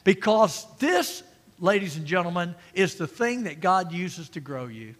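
Bright-voiced preacher in a reverberant hall. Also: male voice, high voice, sing-song, normal speed. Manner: emphatic, shifts between loud and quiet. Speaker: pastor. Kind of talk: sermon. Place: church sanctuary. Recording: long reverb of a church hall.

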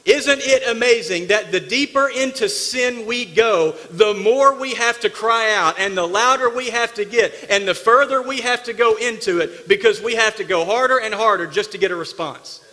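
A man preaching a sermon from the pulpit, emphatic and dramatic, dropping from loud bursts to hushed asides. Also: sits high, normal speed, few pauses, big-room sound. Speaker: pastor. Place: church sanctuary.

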